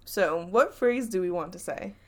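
A woman's voice: lowish voice, lively intonation, normal speed, darkish tone. Giggly woman with a slight Southern accent. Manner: giggly, self-conscious. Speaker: podcast co-host. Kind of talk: casual chat.

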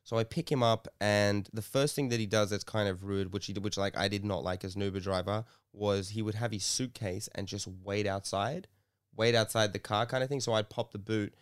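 A man with a fairly low, clear voice races through a story about his past job. He rambles and swears casually, slipping into the voices of the people in his anecdote. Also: fairly even intonation. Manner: fast, rambling anecdote with swearing and acted quotes. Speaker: comedian guest.

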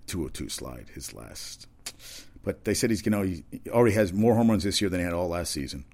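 Deep-voiced rambling talk host. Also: male voice, sing-song, brisk, darkish tone. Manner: rambling, conversational, with restarts and asides.

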